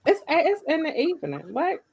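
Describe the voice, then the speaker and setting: A woman's voice: high-pitched, huge pitch swings, normal speed, vocal fry, a little mellow, a little hiss or hum. A woman co-hosting a casual talk show, reading viewer comments aloud and laughing often. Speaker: co-host. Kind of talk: casual chat.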